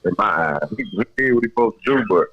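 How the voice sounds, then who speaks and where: Low-voiced man on a dull phone line. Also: expressive, dry recording. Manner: laid-back, halting, plainspoken. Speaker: dog trainer guest. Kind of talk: casual podcast chat. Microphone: phone call.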